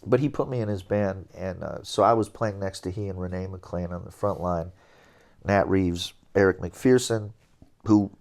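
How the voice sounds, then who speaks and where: A middle-aged man, an interview guest, telling stories about his career in a relaxed, animated way, chuckling now and then. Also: low voice, normal speed. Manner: animated anecdotes, chuckling, scatting melodies. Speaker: interview guest, jazz trombonist. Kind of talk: relaxed storytelling.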